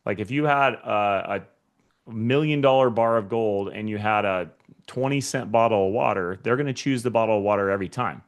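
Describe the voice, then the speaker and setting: A man with a lowish voice talks a little fast as he gives an energetic motivational sales training talk to real estate agents. He speaks straight to his audience and acts out short scenes.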